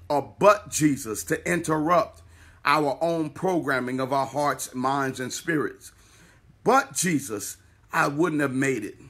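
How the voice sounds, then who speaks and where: A man's voice: a little high, bright, forceful tone, breathy edge. A male pastor preaching a sermon, building repeated refrains and calling on listeners to speak along.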